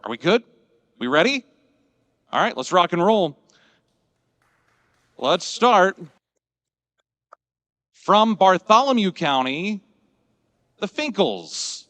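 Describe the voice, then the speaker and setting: A man's voice: high-pitched, very animated, takes it slowly, long pauses, fairly bright tone, dry recording, long reverb tail. A man emceeing an awards ceremony, joking and giving upbeat instructions to a crowd. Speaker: master of ceremonies.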